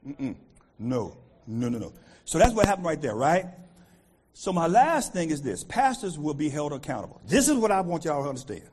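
A middle-aged American man preaching a sermon with a fairly high voice that leaps up and down. He talks as a pastor, animated, swinging between loud shouted bursts and hushed, confiding asides. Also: normal speed, breathy edge. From United States.

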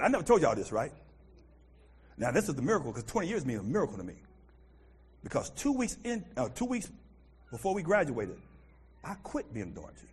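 Animated middle-aged man preaching a sermon. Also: on the high side, breathy edge. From United States. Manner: animated, swings from loud outbursts to quiet asides. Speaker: pastor.

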